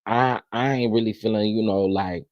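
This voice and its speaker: Man, livestream host, casual chat, greets viewers, irritated, stop-start phrasing, deepish voice. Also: fairly even intonation, dry recording, lo-fi sound. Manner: irritated, halting restarts.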